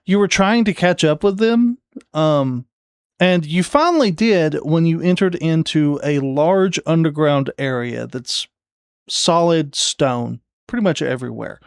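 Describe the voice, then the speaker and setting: Brief: unhurried male game master, a bit high-pitched, fillers between descriptions. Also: clean tone, no echo, clean studio sound. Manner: unhurried, hesitant narration with fillers. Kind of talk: narrating a tabletop game.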